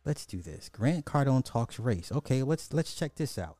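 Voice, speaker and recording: A man's voice: mid-range voice, sing-song, normal speed, over loud music. A man hosting a reaction video, commenting on clips in a blunt, indignant and profane way.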